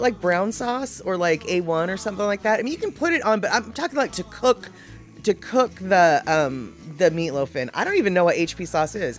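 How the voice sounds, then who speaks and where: A chatty woman host answering her viewers with a voice that swoops widely up and down. She is self-deprecating and opinionated, and faint music plays behind her. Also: medium pitch. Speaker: live show host answering viewer comments. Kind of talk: casual chat.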